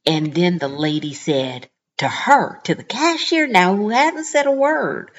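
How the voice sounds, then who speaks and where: A woman hosting a podcast, telling a story in an animated, indignant way and acting out the people in it. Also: medium pitch, normal speed, highs cut off. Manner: animated, indignant storytelling with lively quoted voices. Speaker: podcast host. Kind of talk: casual storytelling monologue.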